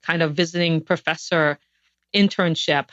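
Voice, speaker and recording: A woman's voice: low voice, steady tone, moderate pace, no echo. Earnest woman guest, dull dry sound. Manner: earnest, reflective storytelling with frequent restarts. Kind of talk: podcast interview storytelling.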